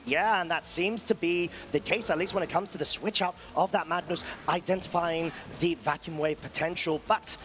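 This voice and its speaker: High-voiced excitable esports caster. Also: male voice, normal speed, few pauses. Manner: excitable, rises sharply at big plays. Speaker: esports commentator. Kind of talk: live play-by-play commentary.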